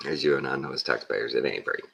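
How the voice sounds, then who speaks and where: A man's voice: a bass voice, gravelly, bright, forceful tone. A man from Texas with a Texan accent, talking in a blunt, plainspoken, rambling monologue full of folksy slang. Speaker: vlogger.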